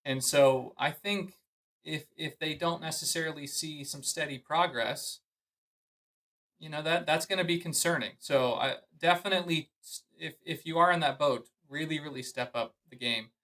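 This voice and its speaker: Bright-voiced male golf coach. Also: fairly high pitch, normal speed, rough recording. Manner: earnest, emphatic advice with frequent "I mean" and "you know". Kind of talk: podcast conversation.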